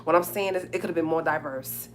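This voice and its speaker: A woman's voice: deep voice, fast talker, slight background noise. A woman hosting a live stream, talking straight to her viewers in an emphatic, repetitive way.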